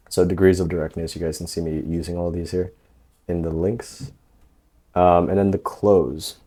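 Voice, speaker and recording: Male coach, deep voice, relaxed instructional narration, casual fillers throughout. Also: normal speed. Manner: relaxed, loose, lots of fillers like "um" and "like". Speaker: dating coach.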